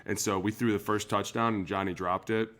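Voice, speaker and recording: A man, a former pro football player, chatting on a podcast and telling lively stories with acted-out quotes. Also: on the low side, brisk. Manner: animated storyteller, acts out quotes. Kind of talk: casual podcast chat.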